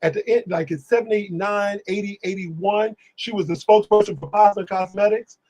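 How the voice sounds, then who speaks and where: An animated man tells stories on a live stream, sometimes singing and sometimes playing the people he quotes. His voice sits high and has a husky edge. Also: moderate pace, poor audio. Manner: animated, exclamatory, sings lyrics and acts out voices. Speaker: guest. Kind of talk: casual storytelling on a live stream.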